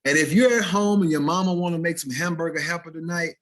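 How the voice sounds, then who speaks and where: A man's voice: on the high side, quick pace. A man teaching standard American diction over a video call, playfully acting out the spoken errors he corrects. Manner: animated, mock-playful examples of spoken errors. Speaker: diction instructor.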